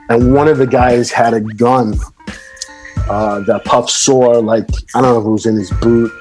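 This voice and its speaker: Man, middle-aged, podcast guest, casual storyteller, acts out quotes, mid pitch, faint music behind. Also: normal speed. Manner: animated, acts out quoted voices.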